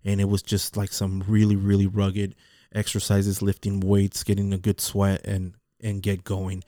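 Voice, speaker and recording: A man's voice: sits low, monotone, normal speed, warm tone, no echo, studio quality. A man talking casually in a rambling monologue, repeating words and restarting his sentences. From Mexican heritage.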